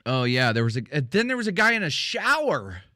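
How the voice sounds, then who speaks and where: A man's voice: fairly high pitch, very animated, a little fast, pushed and bright, no room sound, studio quality. A man hosting a podcast, telling casual rambling anecdotes full of fillers and restarts. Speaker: podcast host. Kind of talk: casual chat, storytelling.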